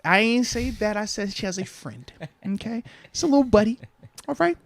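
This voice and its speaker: A man in his thirties hosting a casual sports podcast, an animated storyteller who swings between loud bursts and whispered asides. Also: high voice, a little fast, vocal fry. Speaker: podcast host.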